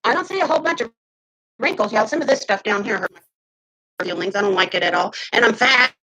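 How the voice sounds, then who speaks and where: Heated, husky woman in her fifties. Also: mid-range voice, lively intonation, fairly quick, rough recording. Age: 50s. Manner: heated, venting, swings between loud outbursts and muttering. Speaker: vlogger. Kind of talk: casual ranting to camera.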